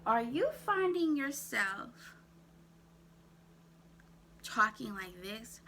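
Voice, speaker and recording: Woman self-care coach, slow deliberate pace, bright voice, faint hum behind. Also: fairly high pitch, expressive. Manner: asks viewers rapid questions, repeats "write that down". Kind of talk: direct-to-camera coaching talk.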